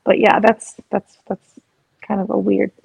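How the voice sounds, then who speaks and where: Reflective woman co-host, halting storytelling. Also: medium pitch, completely flat delivery, vocal fry, a little mellow, breathy edge, low-quality recording. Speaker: podcast co-host. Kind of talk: casual chat.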